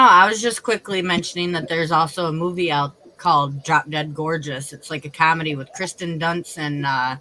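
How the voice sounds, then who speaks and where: A man with a high, bright voice hosts a live stream, chatting in a loose, rambling way. A faint hum of noise sits behind him. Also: low-quality recording. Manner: chatty, rambling, many "like" fillers. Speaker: streamer host. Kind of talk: casual live-stream chat.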